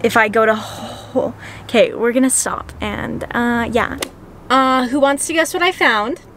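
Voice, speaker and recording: Young female vlogger, higher voice, chatty and self-mocking, talks to a handheld camera. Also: a little slow, a bit bright, a little hiss or hum. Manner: rambling, frazzled and self-mocking. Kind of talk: casual vlog chat to camera. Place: out and about, stores and car.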